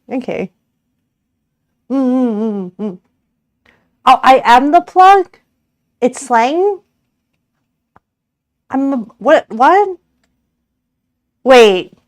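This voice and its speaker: A woman's voice: high-pitched, a little mellow, dry recording, clean studio sound. An Australian woman streamer chatting casually with her viewers while cooking, giggly and rambling, often correcting herself.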